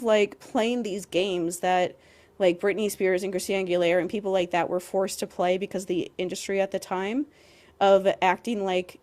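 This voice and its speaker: A young woman co-hosting a podcast rants heatedly, leaning hard on "like" and throwing in some swearing. Her voice sits at a medium pitch with a darkish tone.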